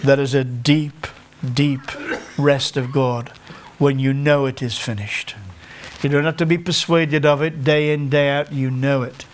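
A man's voice: mid-range voice, flat delivery, unhurried, a little hiss or hum. A middle-aged man with a North Staffordshire English accent preaching a sermon in a conversational, self-deprecating way, often stopping to restart his phrases.

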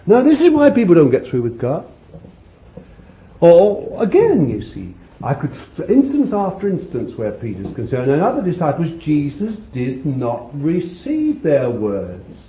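A man preaching a sermon, calling his listeners beloved, laughing between points and jumping high when he voices prayers and pleas. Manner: animated, jumps to high pitch for quoted pleas. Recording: dull lo-fi old sermon tape with faint hiss.

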